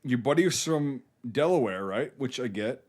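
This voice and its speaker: Animated, swearing podcast co-host man. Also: mid-range voice, normal speed. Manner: rambling, teasing, heavy swearing. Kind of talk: casual profane movie chat.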